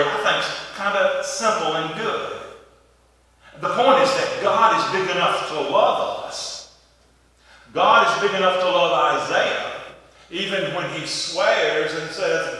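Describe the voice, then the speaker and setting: A man's voice: on the high side, pushed and bright. A man preaching a sermon, telling stories in a folksy, conversational way. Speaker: pastor. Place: church sanctuary. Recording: echoey hall from far off.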